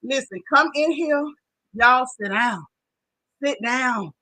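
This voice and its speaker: Excited woman host, bright voice. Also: high voice, slow pace, poor audio. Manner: animated, folksy, loud greetings. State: out of breath. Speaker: show host greeting live chat. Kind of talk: casual livestream chat.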